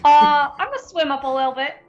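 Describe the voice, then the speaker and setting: A woman's voice: high voice, expressive, fast, dull audio. A woman playing in a tabletop game, speaking thoughtfully and laughing easily. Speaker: player. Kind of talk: casual tabletop play.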